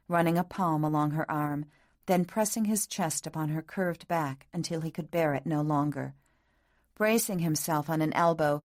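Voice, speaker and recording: A woman reading a romance novel aloud in soft, measured scripted narration. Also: on the low side. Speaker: audiobook narrator.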